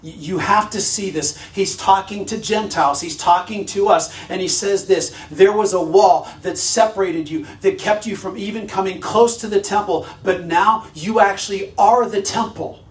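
Pastor guy preaching, high voice, punchy repeats, roomy church sound from back a ways. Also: moderate pace, few pauses, soft background music. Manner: emphatic, repeats phrases for stress, asks the congregation questions. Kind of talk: sermon. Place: church sanctuary. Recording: roomy hall sound from a distance.

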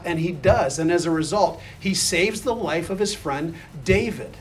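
A man's voice: on the high side, moderate pace, few pauses, a little hiss or hum. A man preaching a sermon in a conversational way, asking the listeners questions and reading scripture aloud. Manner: reads scripture aloud and acts out the quoted lines.

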